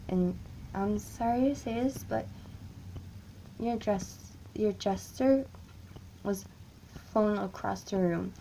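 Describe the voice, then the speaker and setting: A woman narrating a first-person horror story in a halting, frightened way, stammering and often dropping to a whisper. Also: mid-range voice, gravelly, mellow, slight background noise, low-quality recording.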